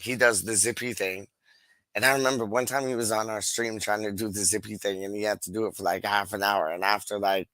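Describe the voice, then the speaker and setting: A man with a voice on the low side hosts a live stream, chatting casually and reading viewer comments in a slangy, animated manner, laughing often and repeating catchphrases. The recording is rough but has no echo.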